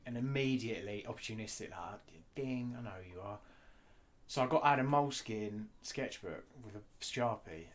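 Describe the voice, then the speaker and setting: A man talking candidly in an interview, blunt and animated, swearing freely. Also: on the low side, normal speed, a little hiss or hum. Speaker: guest artist.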